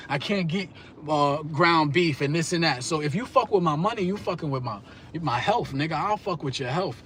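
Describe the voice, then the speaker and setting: Profane high-voiced man ranting. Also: noisy background. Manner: profane, rambling, streetwise slang. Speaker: live streamer. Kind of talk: casual storytelling rant.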